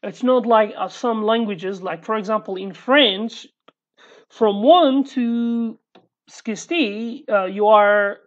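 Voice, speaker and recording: Casual language teacher, a woman; deliberate, unhurried delivery, lo-fi recording. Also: medium pitch. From Iraqi Kurdistan. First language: Kurdish. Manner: chatty, repeats words slowly, jokey asides. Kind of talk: casual video lesson. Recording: dull lo-fi sound.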